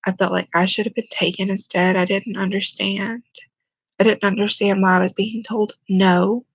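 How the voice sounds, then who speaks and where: A young woman telling a personal story to camera, speaking quietly and haltingly, close to tears. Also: medium pitch, little pitch movement, husky, no room sound, rough recording. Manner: quiet, halting, emotional, holding back tears. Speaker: vlogger.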